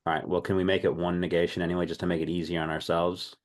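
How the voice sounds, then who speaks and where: A man leading an online language class, lively and thinking aloud, often repeating himself. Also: low voice, racing. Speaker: language teacher.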